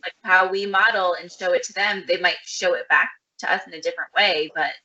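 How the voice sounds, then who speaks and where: Bright, lowish woman co-host who rambles in casual chat. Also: steady tone, a little fast, dull audio, a little hiss or hum. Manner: rambling, many "like" fillers. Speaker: podcast co-host.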